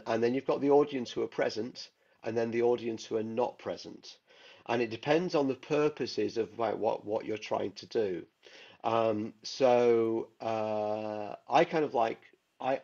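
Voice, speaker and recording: A man's voice: on the low side, steady tone, unhurried, a little mellow, muffled recording. A man, a guest artist chatting enthusiastically in an interview, rambling with lots of fillers. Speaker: guest illustrator. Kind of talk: casual interview chat.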